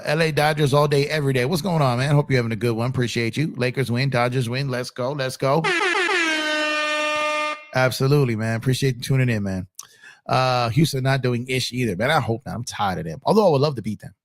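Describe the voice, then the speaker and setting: A man chats casually on a live stream, laid-back and prone to repeating himself as he reads messages aloud. His voice is gravelly, still a little rough from a recent cold. The sound is dry and close, with no room around it. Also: medium pitch, a little fast, no echo. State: recovering from a cold. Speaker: sports stream host.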